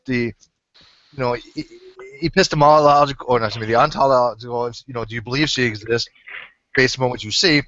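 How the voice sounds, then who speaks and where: A man argues in a loose online group chat, talking fast and rambling, stopping to fix his words mid-sentence. His voice is bright and edgy, and it reaches us through dull lo-fi call audio with a dry, close sound. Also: mid-range voice, fairly even intonation, no echo. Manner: rambling, self-correcting, chewing while talking. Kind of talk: casual group debate on a video call.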